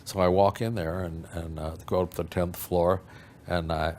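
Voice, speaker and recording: Deep-voiced older man telling stories. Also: flat delivery, normal speed, a little mellow, a little hiss or hum. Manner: rambling, acts out quoted voices, frequent fillers. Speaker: interview guest. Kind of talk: anecdotal storytelling.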